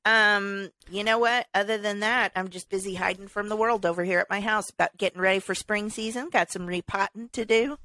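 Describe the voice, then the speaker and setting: A woman with an American accent co-hosting a podcast, relaxed and chatty, laughing often. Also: medium pitch, a little fast, hardly any pauses, no room sound. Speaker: podcast co-host. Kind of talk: casual chat.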